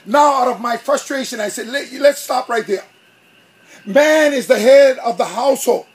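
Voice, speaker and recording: A pastor preaching a sermon, telling a story with animation and acting out both sides of an argument. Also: male voice, very high voice, normal speed, husky.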